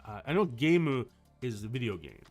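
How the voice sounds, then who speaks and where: A man streaming casual chat, telling a story in an animated way with frequent restarts. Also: mid-range voice, moderate pace, soft background music.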